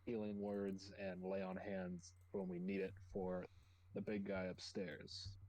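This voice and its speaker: Lower-voiced man chatting as a player. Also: flat delivery, a little slow, a little mellow, dry recording, poor audio. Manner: chatty, repeats words when starting sentences. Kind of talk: casual game chat.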